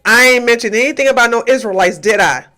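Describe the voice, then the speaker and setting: Bright-voiced woman ranting on a livestream. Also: a little high, fast talker, soft background music. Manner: combative, profane, taunting; repeats and hammers questions. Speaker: livestream host. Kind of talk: heated livestream rant to chat.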